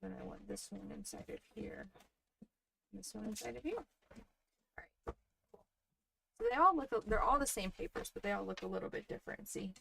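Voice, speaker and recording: A woman in her thirties hosting a crafting livestream, chatting softly and casually with her viewers while she works. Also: medium pitch, moderate pace, gravelly, long pauses, a little hiss or hum. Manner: soft-spoken, chatty, talks to viewers in the chat.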